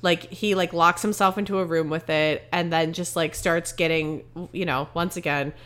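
A woman's voice: fairly low pitch, fairly even intonation, moderate pace, fairly bright tone. A young woman co-hosting a casual podcast, telling a story in a rambling way with many fillers. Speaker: podcast co-host. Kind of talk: casual chat.

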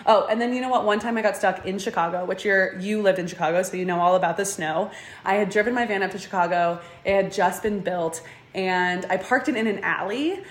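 Young woman guest, animated storyteller, filler-heavy, echoey room. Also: medium pitch, a little fast. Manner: animated, says "like" often, acts out quotes. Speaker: guest, van dweller. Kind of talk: casual interview storytelling.

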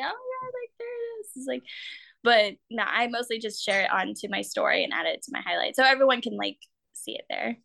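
Talk casually as a young woman guest, bright tone, lots of "like", a dry close mic. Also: gravelly, no room sound. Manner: chatty, full of "like" fillers, acts out quotes in high voices. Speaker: guest, actor and artist.

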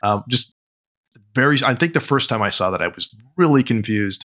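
Bright-voiced man in relaxed chat. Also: mid-range voice, normal speed. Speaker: podcast co-host. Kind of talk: casual chat.

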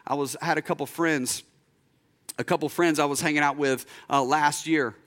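Preaching from the pulpit, this young man tells a story and voices each of its characters, slowing down and lowering his voice for emphasis. His tone stays steady and slightly bright.

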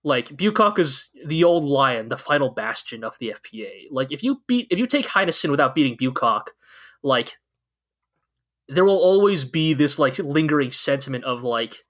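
A man's voice: mid-range voice, sing-song, moderate pace, a bit bright. A man co-hosting a podcast, chatting casually and enthusiastically about an anime, rambling with lots of fillers. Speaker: podcast co-host. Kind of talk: casual anime recap chat.

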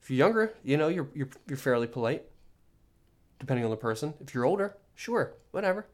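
A man's voice: medium pitch, big pitch swings, a little fast. A young man hosting a solo podcast, rambling in an exasperated, joking rant with many restarts. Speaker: podcast host.

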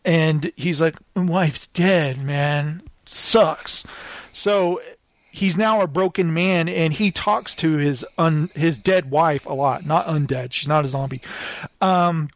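At a slow pace and in a slightly high voice, the man animatedly recounts a long story, laughing often and acting out quoted lines in louder voices. The recording is dry, and the talk is casual.

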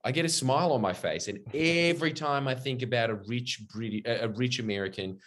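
A man and comedian co-hosting a podcast, joking in a crude, animated way. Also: medium pitch, fairly quick. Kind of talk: casual chat.

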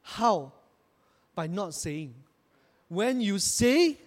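Preaching at a moderate pace, this male pastor has a high, animated voice that rises in forceful bursts. He leads the congregation in echoing his lines, and the audio carries a long, church-hall reverb.

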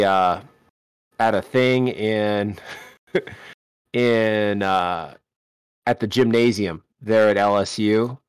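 A man's voice: on the low side, clear, resonant tone, no room sound, clean studio sound. A man co-hosting a podcast, chatting casually and telling rambling stories with lots of restarts. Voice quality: rambling, storytelling, self-correcting. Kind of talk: casual chat.

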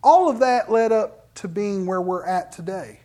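A middle-aged man, a pastor telling personal stories in an animated sermon and acting out quoted voices. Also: high-pitched, measured pace. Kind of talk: storytelling sermon.

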